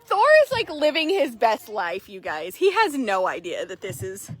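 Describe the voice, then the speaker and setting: A woman horse trader telling animated, laughing stories in casual chat, swearing freely. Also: medium pitch, normal speed, breathy edge, no room sound.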